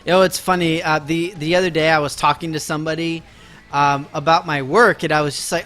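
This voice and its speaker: A man chats his way through a live game stream, rambling, laughing often and playfully acting offended at his viewers. His voice sits high and sounds bright and forceful. Faint game music plays underneath. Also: fairly even intonation, fairly quick. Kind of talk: casual live-stream chat.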